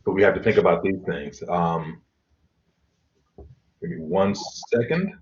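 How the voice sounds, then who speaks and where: Man, middle-aged, college instructor, deep low voice, relaxed lecture, muffled computer mic. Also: measured pace. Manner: relaxed explanatory, with fillers and throat clearing. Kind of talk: online class lecture. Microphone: computer mic on video call. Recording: dull lo-fi video call audio.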